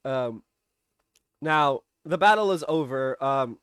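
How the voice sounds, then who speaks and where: A man's voice: medium pitch, animated, slow pace, a bit bright, clear, resonant tone, no echo, clean studio sound. A man casually recapping and reviewing a TV episode, chatty, often tagging on "right?" and swearing now and then.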